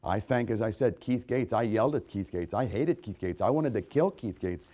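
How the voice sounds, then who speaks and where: A man preaching a sermon, swinging from hushed, intimate storytelling to loud, rising exhortation. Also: normal speed. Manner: dramatic swings from hushed to booming. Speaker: pastor.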